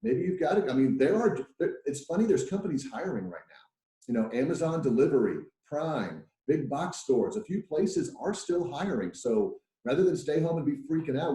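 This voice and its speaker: A man leading a workplace training webinar in a lively, chatty way, acting out the voices he quotes. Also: on the high side, normal speed, echoey room, rough recording. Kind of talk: webinar presentation.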